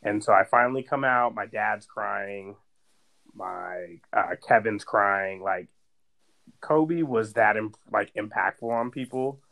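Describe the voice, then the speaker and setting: A man's voice: lowish voice, slow, creaky, fairly bright tone, rough recording. A man in his thirties talking casually on a podcast, telling a personal story in a rambling way with lots of "like". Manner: rambling storytelling, heavy use of "like". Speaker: podcast co-host.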